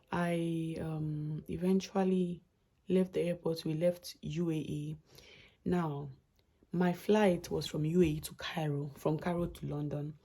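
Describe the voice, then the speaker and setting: A woman's voice: sits low, dark tone, husky. A young woman, telling a rambling, emotional travel story in a casual vlog. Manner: chatty, rambling with restarts and asides, emotional. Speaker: vlogger.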